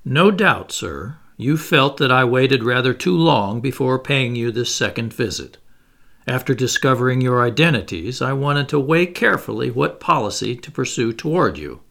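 Guy voicing a cool ship captain, calm and precise, gravelly edge, lots of lift in the voice. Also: medium pitch, moderate pace. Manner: calm, penetrating, precise speech. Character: calm, commanding male ship's commander.

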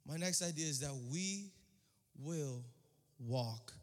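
A young man preaching a sermon as pastor, speaking in casual slang and repeating phrases, swinging between hushed and shouted delivery. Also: on the high side, lively intonation, slow. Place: church hall. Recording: long hall reverb.

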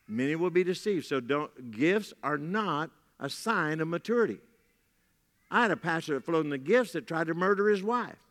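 This pastor's voice sits on the high side with a fairly bright tone as he delivers a sermon. He keeps it folksy, drops in casual asides, and repeats important lines to drive them home. The long reverb of the church hall where he speaks is audible.

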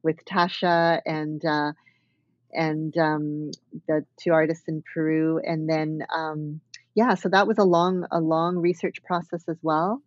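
A woman's voice: deep voice, little pitch movement, slow pace, dry recording. Woman, interview guest, thoughtful, hesitant fillers, dry close sound, slightly dull recording. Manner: thoughtful, many fillers and restarts. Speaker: dance artist and guest. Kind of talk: reflective conversational interview.

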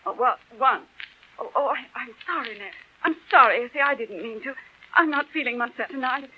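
An actress playing a gentle, sensitive spinster aunt in a 1940s radio play, speaking softly and emotionally. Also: female voice, sits high, a little fast, low-quality recording. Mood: apologetic. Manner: soft-spoken, emotional. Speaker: unmarried aunt.

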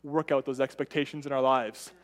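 A man preaching a sermon in a conversational way, often checking in with "right?" and shifting his pitch and loudness for emphasis. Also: level tone, brisk.

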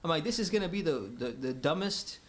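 Animated storytelling man. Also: a little high, brisk. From United States. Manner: animated, laughs often, acts out dialogue. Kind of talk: casual storytelling.

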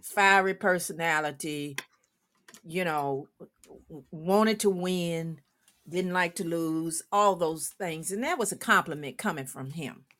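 An older woman, a former coach, telling a lively story on a talk show, laughing often and acting out the people she quotes. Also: fairly low pitch, measured pace. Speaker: guest, former women's basketball coach.

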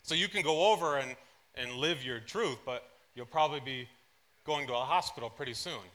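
Animated male pastor, bright forceful voice. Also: mid-range voice, normal speed. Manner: animated storyteller, swings between soft asides and loud excited bursts. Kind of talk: sermon with personal anecdotes. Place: church service.

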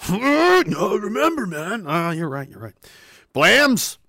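High-voiced man ranting and laughing. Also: slow pace, no echo, studio quality. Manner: animated, swearing, laughing often. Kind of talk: casual storytelling rant.

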